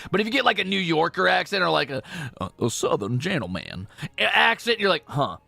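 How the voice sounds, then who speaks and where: European male streamer, animated and jokey, fairly high voice with a bit of fry. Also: fairly quick, no echo. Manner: chatty, self-correcting, jokey. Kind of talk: casual gameplay stream chatter.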